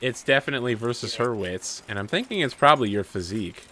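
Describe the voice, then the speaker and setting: Guy running a tabletop game, bright voice, laid-back, lots of uhs. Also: medium pitch, quick pace, a little hiss or hum. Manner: relaxed, explains rules with fillers. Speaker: game master.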